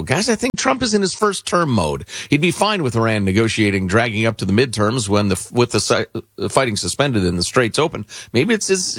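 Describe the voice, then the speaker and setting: A man's voice: mid-range voice, gravelly, fairly bright tone, no echo. A man hosting a talk radio show, reading listener mail with wry, sarcastic asides. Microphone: studio mic.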